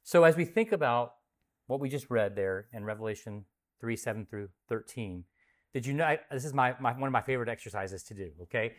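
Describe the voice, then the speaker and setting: A man's voice: medium pitch, lively intonation, a little fast. A man as pastor, reading scripture, praying, and then teaching a group in a conversational way, asking questions and repeating answers back to them. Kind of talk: Bible study teaching with prayer.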